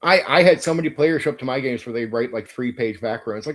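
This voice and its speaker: A man's voice: mid-range voice, fast. A middle-aged man, host of a tabletop game channel, ranting in blunt, profane casual talk and repeating himself. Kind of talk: casual opinion rant to a viewer.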